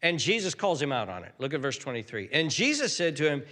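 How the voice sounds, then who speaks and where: A male pastor preaches in a high, bright voice that swoops up and down with emphasis. He often restarts his sentences and acts out quotes as he goes. A long reverb rings through the hall around him. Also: big pitch swings, fast talker, few pauses. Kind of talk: sermon.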